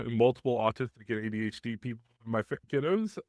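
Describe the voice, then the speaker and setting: A man's voice: medium pitch, animated, fast, darkish tone, dry recording, clean studio sound. A man in his thirties who hosts a support group, telling a candid personal story in casual conversation over a video call.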